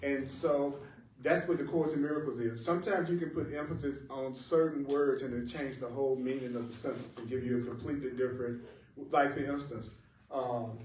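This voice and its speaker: A man's voice: medium pitch, fairly even intonation, normal speed, darkish tone, slight background noise. A man teaching spiritual lessons in a reflective manner, leaning on emphasis and stressing words to show their meaning. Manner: reflective, plays with emphasis, bursts into song. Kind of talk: spiritual talk with singing. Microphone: live-stream mic at a distance. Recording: echoey room, distant mic, faint music.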